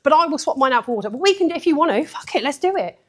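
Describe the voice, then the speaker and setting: A woman's voice: high voice, lively intonation, very fast. A woman giving a blunt, sweary, chatty talk at a photography event, laughing often. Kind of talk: live conference talk.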